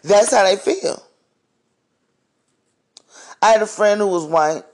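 Podcast guy going off, high-pitched, cussing and fired up. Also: slow pace. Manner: blunt, profane, heated. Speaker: podcast host. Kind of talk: ranting monologue.

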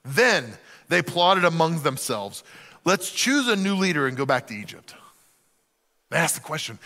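A man preaching a sermon in an animated way, acting out the voices of the people in the story. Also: fairly high pitch, moderate pace, pauses often, in a large hall. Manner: animated, acts out quoted voices. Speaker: pastor.

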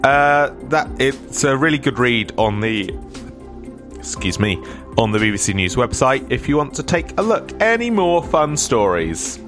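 A man's voice: mid-range voice, big pitch swings, unhurried, music in the background. A man hosting a casual radio show and reading the weather. He rambles with chatty, self-deprecating asides and sounds slightly stuffy from a cold.

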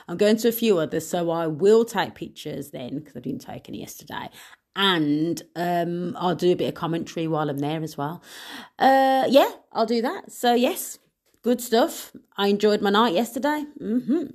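A woman's voice: fairly low pitch, lively intonation, normal speed, darkish tone. A young woman hosting a podcast in a casual, chatty way, with playful asides and frequent laughs. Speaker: podcast host. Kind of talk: casual solo podcast chat.

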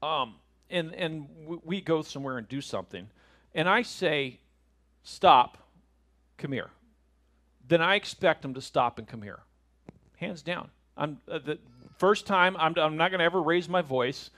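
A man's voice: a little high, moderate pace, sharp tone. A middle-aged man teaching a Bible lesson in a conversational way, often asking rhetorical questions.

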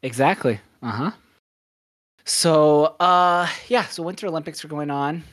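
A man's voice: a little high, unhurried, fairly bright tone, dry recording, studio quality. A young man hosting a podcast in casual chat, rambling and upbeat, often correcting himself. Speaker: podcast host.

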